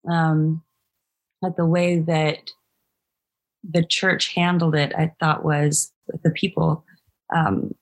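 Speaking slowly and pausing often, a woman with a low-pitched, level voice tells her story. She is a musician being interviewed on a podcast, and her manner in the conversation is hesitant and reflective.

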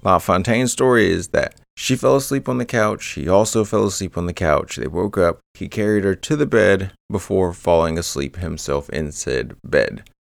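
A man's voice: sits low, normal speed, vocal fry, few pauses, no echo. A man hosting a true crime podcast, rambling through the case with joking asides. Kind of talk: casual true crime narration.

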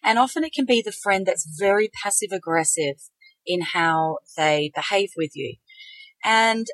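A woman's voice: fairly low pitch, dry recording, low-quality recording. Reflective woman podcast co-host, dry sound. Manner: reflective, shares personal experience. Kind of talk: conversational podcast chat.

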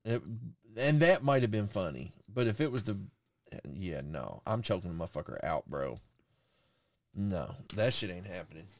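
A man co-hosting a podcast, telling stories in animated casual chat and saying "bro" a lot. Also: low-pitched, normal speed, dry recording. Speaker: podcast co-host.

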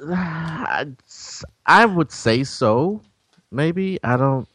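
A man's voice: a little high, expressive, very slow, fairly bright tone, no room sound. A man co-hosting a casual discussion, hesitant and searching for words, then blunt. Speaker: co-host.

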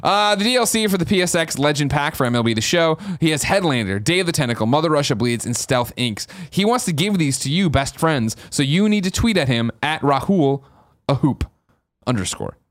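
A man co-hosting a podcast in casual chat, animated and swearing freely. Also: a little high, a little fast, no room sound, clean studio sound. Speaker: podcast co-host.

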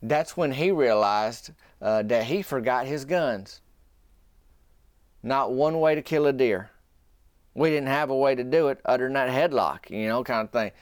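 A man's voice: medium pitch, measured pace, clear, resonant tone, dry recording, clean studio sound. Folksy man telling a story. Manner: folksy, rambling, drops into a whisper at times. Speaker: podcast host. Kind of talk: casual storytelling monologue.

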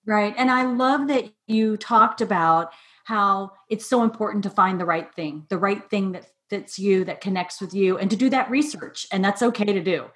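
Host: woman, mid-pitched, affirming, long open questions. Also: moderate pace. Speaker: interview host. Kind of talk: casual interview.

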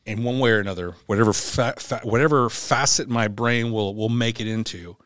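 A middle-aged man with a lowish voice tells a personal story as a podcast guest. He is blunt and profane and acts out the lines he quotes. His voice sounds dry and close, with no room echo. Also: fairly quick, fairly bright tone. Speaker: podcast guest, former Navy SEAL.

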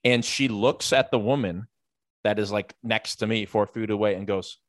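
Low-voiced man telling a rambling story. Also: moderate pace, dry recording, clean studio sound. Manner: rambling, filler-heavy, profane. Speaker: teacher. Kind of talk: casual storytelling chat.

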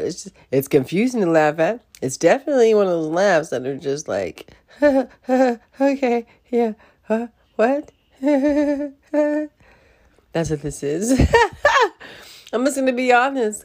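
Groggy, gravelly-voiced woman podcast host. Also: mid-range voice, darkish tone. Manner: rambling, laughs often. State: groggy morning voice. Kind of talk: casual monologue.

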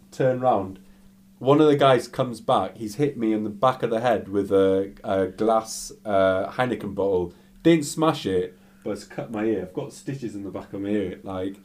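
Chatty man telling a story. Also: fairly low pitch. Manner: animated, full of "like" fillers. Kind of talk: casual storytelling.

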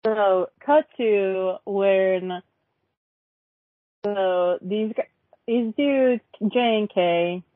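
A woman's voice: mid-range voice, drawn-out words, long pauses, no room sound. A woman in casual chat about a cartoon, rambling, swearing and fumbling for names. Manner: profane, rambling, forgets names. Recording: dry tinny phone-like line.

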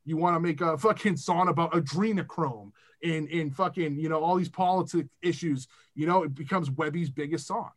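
A man's voice: fairly high pitch, normal speed, hardly any pauses. A young man from Massachusetts, a music producer guest, talking casually and profanely in a podcast chat. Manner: animated, profane, rambling.

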